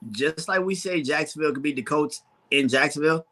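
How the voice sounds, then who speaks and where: A man's voice: a little high, brisk, fairly bright tone. A man co-hosting a casual sports show, laughing often and swearing freely about the matchups. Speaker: podcast co-host.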